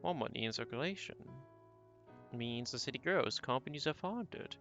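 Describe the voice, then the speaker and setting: A man's voice: medium pitch, expressive, normal speed, fairly bright tone, faint music behind. A man reading an arrogant, greedy rich husband. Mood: musing. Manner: arrogant, fussy lecturing. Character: proud wealthy young husband, blunt and greedy.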